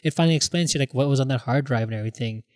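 Animated man, casual talk, swearing, dry close-miked sound, mid pitch. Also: racing, no room sound. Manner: animated, acts out quotes, swears freely. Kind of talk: casual podcast chat.

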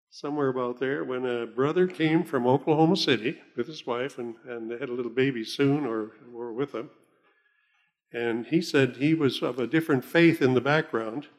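A man giving an informal Bible talk in a folksy, chuckling way, slowing down when he reads scripture aloud. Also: medium pitch. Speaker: lay preacher.

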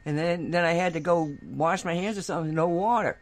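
A woman co-hosting a radio talk show tells a long anecdote in casual, chatty conversation, laughing often. Her pitch is fairly low and she talks fairly quickly.

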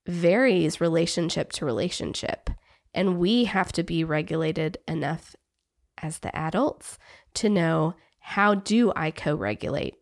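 A woman, a therapist and parent, talking thoughtfully about parenting in an interview. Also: fairly low pitch. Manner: thoughtful, reflective, speaks in measured phrases. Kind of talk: conversational podcast interview.

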